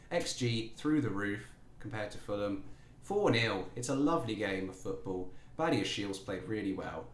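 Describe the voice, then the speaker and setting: A playful man chats through a football management game and teases his own players as he goes. His voice sits a little low, and the sound carries a roomy echo. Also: a little hiss or hum. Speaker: gaming YouTuber. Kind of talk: casual let's-play commentary.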